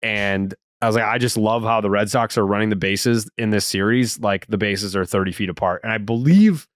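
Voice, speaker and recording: A man hosting a casual sports podcast, telling stories with animated, profane enthusiasm. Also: on the low side, brisk, no room sound, clean studio sound. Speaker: podcast host.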